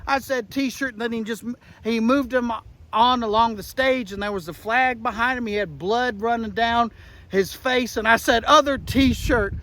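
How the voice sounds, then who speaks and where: A man giving a rambling, deadpan comic monologue as a rally eyewitness, outdoors with traffic passing. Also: extremely high pitch, moderate pace, low-quality recording. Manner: rambling, deadpan, breaks into shouted slogans and gun-sound noises. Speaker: comedian playing a rally eyewitness. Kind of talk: deadpan satirical character monologue.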